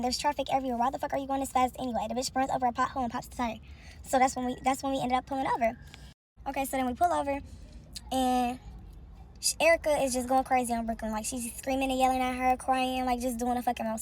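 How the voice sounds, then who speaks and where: A woman's voice: sits high, a little hiss or hum. A woman telling a story in a heated, profane rant to her viewers.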